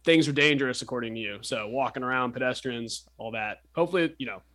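A man's voice: medium pitch, pushed and bright. A man co-hosting a community radio sports show, teasing his partner and rambling through loose, chatty tangents. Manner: teasing, rambling, quick to laugh. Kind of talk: casual sports radio banter.

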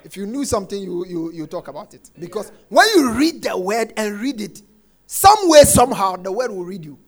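Emphatic high-voiced preacher man. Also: expressive, a little fast. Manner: emphatic, repeats phrases, swings between soft and shouted lines; quotes scripture, acts out congregants' complaints. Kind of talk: sermon.

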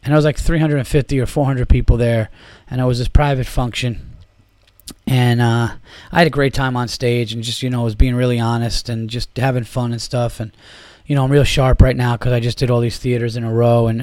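A man's voice: mid-range voice, fairly even intonation, brisk, a little mellow, no echo, clean studio sound. A man hosting his own comedy podcast, ranting and swearing heavily with lots of fillers. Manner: rambling, heavy swearing, fillers. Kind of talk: profane solo podcast rant.

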